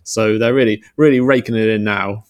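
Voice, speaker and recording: A male news editor, a guest on a podcast, going over stories in an explanatory way with frequent pauses. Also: fairly low pitch, steady tone. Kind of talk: news roundup in conversation.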